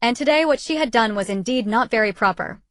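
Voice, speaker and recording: A woman's voice: fairly high pitch, animated, a little fast, a bit bright, no echo. Woman narrating a novel, dry close sound. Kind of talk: audiobook narration.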